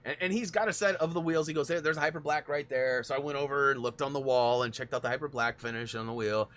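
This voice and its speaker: Bright-voiced rambling gamer guy. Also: mid-range voice, fast talker. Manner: rambling storyteller, laughs often. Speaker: gaming stream host. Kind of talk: casual chat while gaming.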